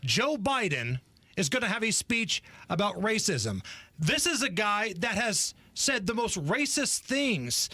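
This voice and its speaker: A man's voice: high-pitched, very animated, measured pace, pushed and bright, dry recording. A man co-hosting a political talk radio show, delivering sarcastic, emphatic rants to his co-host from a studio microphone.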